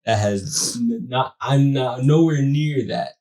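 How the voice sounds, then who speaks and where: A young man co-hosts a casual podcast and tells stories about being a new dad. He talks in animated, slangy bursts and acts out the quotes himself. His voice sits at a plain middle pitch. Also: takes it slowly. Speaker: podcast co-host, new father. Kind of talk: casual storytelling chat.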